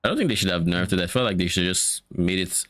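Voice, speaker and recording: A young man chatting casually while playing a game, relaxed, swearing lightly and trailing off mid-thought. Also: deep voice, fast talker, no room sound, studio quality. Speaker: co-player. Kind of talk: casual gaming chat.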